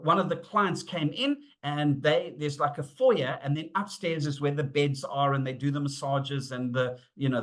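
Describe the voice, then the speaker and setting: A middle-aged man presenting a webinar on safety, telling stories in an animated way, acting out the dialogue and using frequent fillers. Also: fairly high pitch. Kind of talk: storytelling talk.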